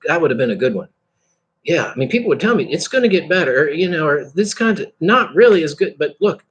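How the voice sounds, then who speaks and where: A man rambling through a reflective spiritual monologue, halting and restarting, breaking into bits of song and laughter. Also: on the high side, very animated, slight background noise. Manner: meandering, halting, with bits of sung lyric and laughter. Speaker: vlogger.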